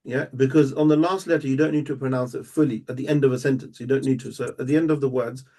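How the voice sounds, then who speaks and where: A man teaching a live language lesson, explaining step by step and repeating words slowly and patiently. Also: mid-range voice, steady tone, warm tone. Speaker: Arabic teacher.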